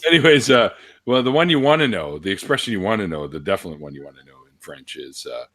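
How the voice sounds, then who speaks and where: A man's voice: sits low, very animated, quick pace, a bit bright. Laughing older man hosting a chat. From Canada. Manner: laughs often, playful. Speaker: host. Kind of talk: casual chat.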